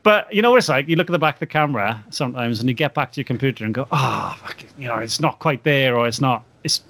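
A man's voice: medium pitch, animated, fast talker, a bit bright, no room sound. Guy rambling thru a story, lots of restarts, dry close sound, medium voice. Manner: rambling, anecdotal, many restarts and laughs. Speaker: wedding photographer, guest. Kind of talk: casual podcast chat.

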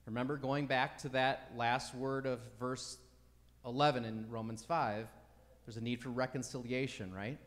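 A man's voice: medium pitch, fairly even intonation, normal speed. Man preaching a sermon in a reverberant hall. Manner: emphatic teaching, rhetorical "right?" asides. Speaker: pastor.

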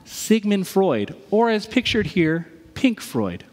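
A man's voice: sits high, big pitch swings, slow pace, a little mellow, long reverb tail. A man preaching a sermon in a casual, joking way, with sudden emphatic bursts. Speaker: pastor.

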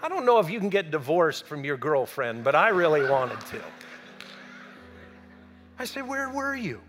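A man recounting a story in a high, animated voice. His pitch swings widely as he plays out the people in it, rising and dropping for effect. He speaks as a storyteller addressing a listening audience. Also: normal speed, over music. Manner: animated, acts out the people he quotes. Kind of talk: storytelling talk.

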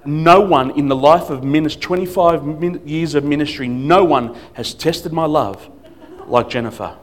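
A man's voice: fairly high pitch, measured pace. A man preaching as a guest pastor, telling stories with humor and acting out what people said. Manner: storytelling with humor and acted quotes. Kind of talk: sermon.

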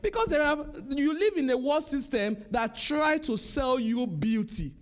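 A middle-aged male pastor preaching an animated sermon, repeating his points with chuckles. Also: very high voice, a little slow.

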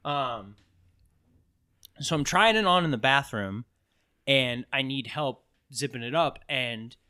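A man's voice: slow, clean tone. A married man chatting casually with friends, telling a story and acting out the voices of people in it. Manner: animated storyteller, mimics voices with big pitch jumps. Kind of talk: casual chat.

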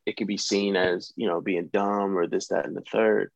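A man's voice: low-pitched, fairly even intonation, normal speed, gravelly, no echo, muffled recording. A young adult man from the United States, an actor talking casually as a guest, rambling and hesitant, with many restarts. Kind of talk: casual conversation.

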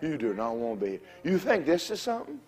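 A man preaches a fiery revival sermon in a drawl, his high voice swooping up and down as he tells stories and shouts. He laughs and calls on the crowd for amens. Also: wildly swooping pitch, fast talker.

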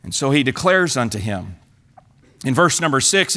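A male pastor preaching a sermon, retelling the story in an animated way with many repeats and restarts. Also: medium pitch, moderate pace.

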